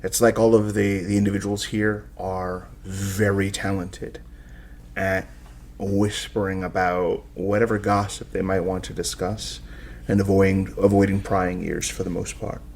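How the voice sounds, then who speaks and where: A man's voice: sits low, level tone, unhurried, vocal fry, a little mellow, a little hiss or hum. A man narrating as game master of a tabletop role-playing game, describing scenes with frequent searching for words.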